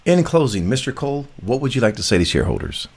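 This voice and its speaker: A man's voice: mid-range voice, sing-song, quick pace, husky. A man hosting a business interview, formal and polite, addressing his guest as sir. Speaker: interview host.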